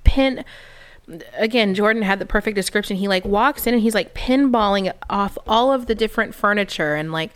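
A woman's voice: mid-range voice, moderate pace, smooth. A woman telling a story in casual chat, chatty and often laughing as she talks. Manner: chatty, laughs while talking.

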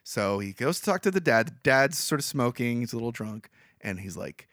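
A man co-hosting a podcast, casually retelling a movie plot in a rambling, animated way, full of fillers. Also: medium pitch, fairly quick, no room sound, studio quality. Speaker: podcast co-host.

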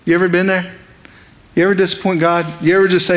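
A man's voice: high voice, little pitch movement, fast, a bit bright, long reverb tail. A man preaching an evening sermon in a conversational, impassioned way, asking his listeners questions.

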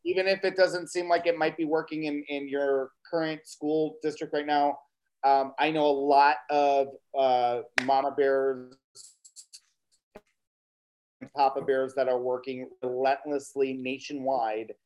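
A man co-hosts a casual online chat in a mid-range voice. He is animated and keeps cheering the guests on. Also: medium pitch, measured pace, poor audio. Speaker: co-host.

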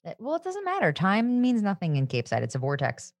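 A woman co-hosting a casual podcast, recapping a TV episode with sarcastic asides and quick acted-out lines. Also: medium pitch, wildly swooping pitch, no room sound. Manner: sarcastic, acts out scenes in quick voices. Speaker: podcast co-host.

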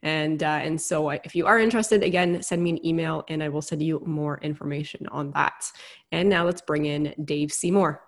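A woman's voice: low-pitched, flat delivery, moderate pace. A woman hosting a podcast, reading an upbeat promotional intro and asking friendly questions. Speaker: podcast host.

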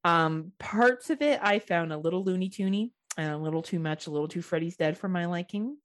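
A woman's voice: on the low side, brisk. A woman from Ontario, Canada hosting a horror podcast, chatting casually, laughing often and swearing freely. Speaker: podcast host. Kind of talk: casual chat.

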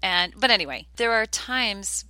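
A woman's voice: mid-range voice, lively intonation, a little slow, sharp tone, no echo. An older woman hosting a podcast, talking in an earnest, chatty way and telling stories. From United States. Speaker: podcast host. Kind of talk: casual podcast talk.

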